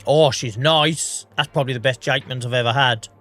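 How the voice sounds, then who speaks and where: Feeling unwell and coughing, an English man streams a game, chatting and rambling with self-mocking humor. His mid-range voice is bright and forceful and a little fast, with soft music faintly behind him.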